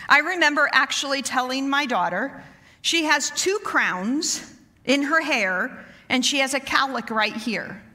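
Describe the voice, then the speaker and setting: Loud bright-voiced woman preaching. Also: high-pitched. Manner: loud, animated preaching, says so herself. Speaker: women's ministry speaker. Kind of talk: sermon. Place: church sanctuary. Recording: reverberant church hall.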